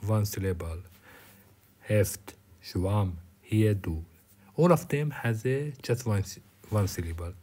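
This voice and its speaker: A man's voice: fairly low pitch, dark tone, husky. A man whose first language is Persian, teaching German vocabulary in English, with many fillers and restarts. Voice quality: drops to a whisper at times. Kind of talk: recorded German lecture.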